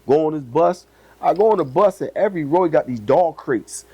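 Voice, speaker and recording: A man who is a podcast guest telling a story in casual chat, animated and profane, often repeating his phrases. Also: fairly high pitch, a little fast, husky, dry recording.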